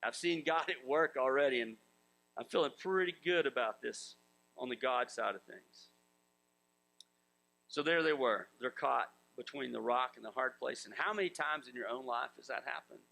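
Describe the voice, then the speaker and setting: A man's voice: mid-range voice, normal speed, creaky, pushed and bright, rough recording. A man preaching a sermon in a conversational way, acting out biblical voices and chuckling as he goes. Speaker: pastor.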